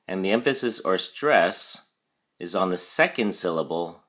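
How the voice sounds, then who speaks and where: A man teaching a recorded vocabulary lesson, explaining patiently, checking in with "okay" and modeling syllable stress slowly. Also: low voice, animated, fairly bright tone.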